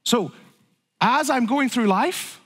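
A man's voice: very high-pitched, lively intonation, slow, fairly bright tone, husky. A middle-aged man preaching a sermon to his church, talking in a conversational way that rises to fervent exclamations. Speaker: pastor. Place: church sanctuary. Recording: long reverb of a large hall.

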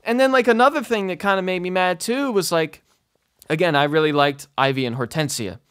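A game reviewer with a high voice speaks briskly in a fairly bright, smooth tone, ranting casually about a video game. He swears often, fills his talk with "like" and "you know," and keeps laughing in asides; the sound is studio quality with no echo.

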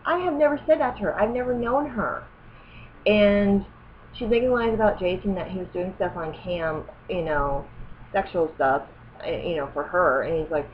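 Woman in her 30s vlogging a story, kinda low voice, rambly and fired up, muffled lo-fi webcam sound w faint hiss. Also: normal speed. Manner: rambling, self-correcting, indignant retelling. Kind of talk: casual personal storytime.

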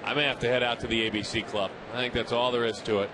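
A man calling a baseball game play by play, talkative and teasing, with playful asides between pitches. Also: steady tone, fast, background noise. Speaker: play-by-play announcer. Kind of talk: live baseball commentary.

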